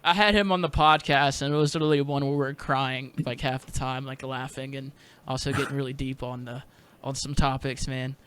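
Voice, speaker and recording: A man's voice: medium pitch, fairly even intonation, brisk, fairly bright tone, smooth. A man hosting a podcast in loose, slangy chat, calling his guest dude and bro and swearing freely. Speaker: podcast host. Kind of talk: casual interview chat.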